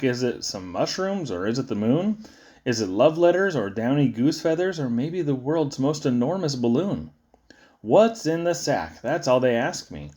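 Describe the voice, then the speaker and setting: A man giving a playful, sing-song reading of children's poems, with sudden high squeaks and low drops. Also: a little mellow. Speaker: poetry reader.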